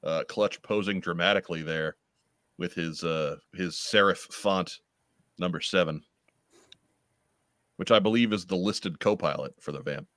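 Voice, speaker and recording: A man co-hosting a casual livestream, reading out viewer comments with halting restarts. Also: deep voice, fairly bright tone, dry recording, studio quality. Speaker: podcast co-host.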